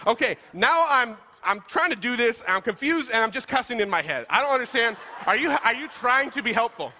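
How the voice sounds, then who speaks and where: Male pastor, bright and forceful tone, animated comic sermon storyteller. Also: very high voice, brisk, slight background noise. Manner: animated, self-deprecating, laughs while talking.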